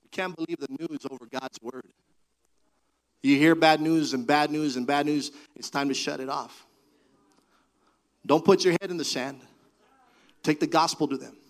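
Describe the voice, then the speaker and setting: A man preaching a sermon, building to fervent, half-sung cries, then dropping to a low, earnest delivery. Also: moderate pace, long pauses, poor audio. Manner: preaching with rising, shouted fervor. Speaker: pastor.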